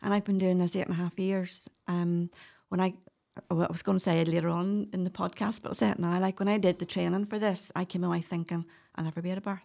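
Chatty Northern Irish woman, gravelly voice. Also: fairly low pitch, little pitch movement, quick pace, few pauses, dark tone. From Northern Ireland. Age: middle-aged. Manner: chatty, storytelling, laughs often. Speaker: guest doula. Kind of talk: casual podcast interview.

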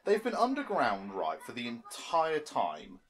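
A man's voice: medium pitch, slow pace, background noise. An English young man co-hosting a casual film commentary, asking pointed questions and picking apart plot holes. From England. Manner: animated, questioning, nitpicking. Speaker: podcast co-host.

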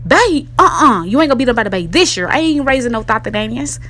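A woman playing a bossy mother who loudly scolds her daughter. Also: on the high side, very animated, quick pace. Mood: scolding.

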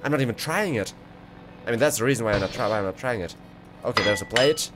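A man giving excitable let's play commentary, exclaiming and rambling as he goes. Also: mid-range voice, quick pace, loud music behind the voice. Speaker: gaming video creator. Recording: clear background game noise.

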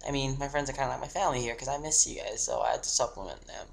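A man's voice: medium pitch, fairly even intonation, very fast, vocal fry. A man, giggling and rambling through a casual holiday video message. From Australia. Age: 20s. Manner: rambling and giggly, talking to a toy. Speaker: vlogger.

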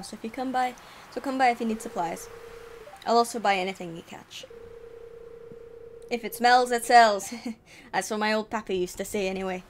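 Woman doing a booming old sea fisherman. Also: a little hiss or hum, close to an everyday voice. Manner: booming, forced low voice with a rough seafaring twang. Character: grizzled old male sea fisherman, hearty.

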